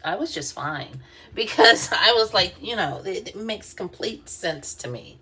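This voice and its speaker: Lady chatting on her vlog, laughs a lot, real lively voice. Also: medium pitch, measured pace, husky. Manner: chatty, laughs often, many fillers. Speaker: vlogger. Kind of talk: casual storytelling while doing her hair.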